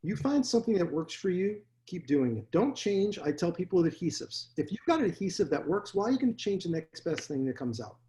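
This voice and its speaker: Blunt storytelling dentist, slightly high voice. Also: male voice, very animated, a little fast, few pauses, mellow. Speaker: dentist guest. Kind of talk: casual interview storytelling.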